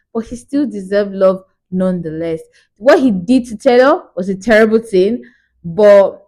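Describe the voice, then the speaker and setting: Woman, casual vlogger doing a movie recap, animated and chatty storyteller, mid-range voice. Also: mid-range voice. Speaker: movie reviewer. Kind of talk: casual movie review vlog.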